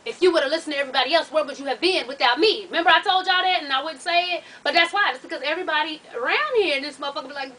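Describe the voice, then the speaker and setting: A woman's voice: sits high, racing, hardly any pauses, pushed and bright, distant mic, low-quality recording. A woman chatting straight to camera, recapping a reality show in a blunt, profane, sassy way, calling her viewers "y'all" and "honey". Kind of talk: casual chat.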